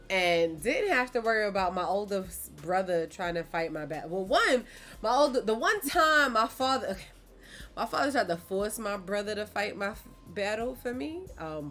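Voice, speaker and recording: A woman in casual chat who reacts with lots of laughter and lively remarks. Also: mid-range voice.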